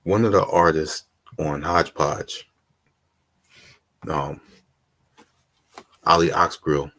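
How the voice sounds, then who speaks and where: Man, podcast host, very low voice, husky, laid-back. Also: takes it slowly, a bit bright, dry recording. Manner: laid-back, brief affirmations. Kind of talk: casual interview chat.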